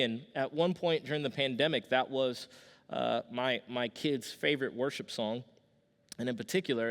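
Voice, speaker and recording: A man in his thirties preaching a sermon as pastor, telling stories conversationally with restarts and a casual "y'all". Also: medium pitch. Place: church sanctuary with long reverb. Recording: long hall reverb from a church.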